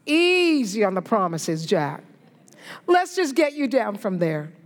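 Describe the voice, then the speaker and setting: A woman voicing God as a calm, patient presence, speaking slowly and gently but firmly. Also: mid-range voice, voice pushed down. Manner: calm, unhurried, gently firm. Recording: echoey hall reverb.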